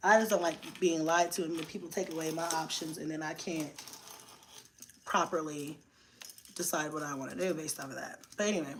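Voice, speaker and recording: A woman's voice: low-pitched, steady tone, fairly quick, slight background noise. Blunt, laughing woman vlogger. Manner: blunt, profane, laughing often. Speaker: vlogger on a live stream. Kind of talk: casual live-stream chat.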